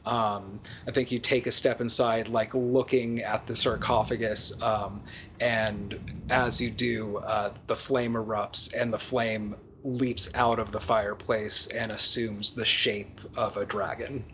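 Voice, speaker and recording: A man narrating as dungeon master in a casual game session, pausing often with ums and restarting his sentences. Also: fairly low pitch, level tone, sharp tone, a little hiss or hum. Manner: hesitant, many ums and restarts.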